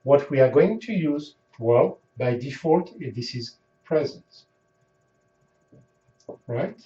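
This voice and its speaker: A man teaching a language lesson, patiently explaining and repeating example phrases slowly. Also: medium pitch, lively intonation, warm tone. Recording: echoey room, dull sound, mic at a distance.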